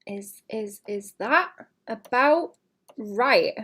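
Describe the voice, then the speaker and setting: A young woman chatting casually to her stream as she draws, muttering to herself and often clearing her throat. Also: fairly high pitch, expressive, drawn-out words, a bit bright. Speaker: artist livestreaming. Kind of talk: casual streaming chat while drawing.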